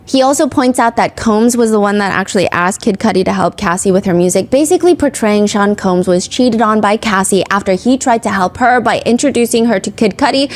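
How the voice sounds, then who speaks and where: A woman hosting a podcast in a casual, chatty way. She leans on "like" and tells her story with animated emphasis, at a middling pitch for a woman. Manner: chatty, heavy use of "like". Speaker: podcast host. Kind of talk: casual true-crime commentary.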